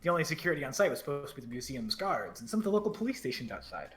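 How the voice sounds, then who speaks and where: A man streamer reading a story game aloud, with quick jokey asides. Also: fairly high pitch, faint music behind. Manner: fast, lively, joking asides. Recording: roomy echo.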